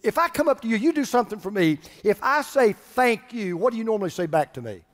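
A man preaching a sermon as pastor, animated, swinging between loud passages and hushed ones. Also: high-pitched, fast. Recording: hall reverb.

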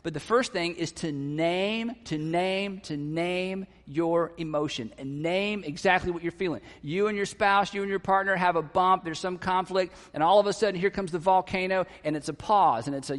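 A male pastor with a high voice delivers a sermon in a casual, conversational way. He slips into little acted-out quoted voices as he talks. A long reverb of a large auditorium trails behind his words. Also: normal speed, a bit bright.

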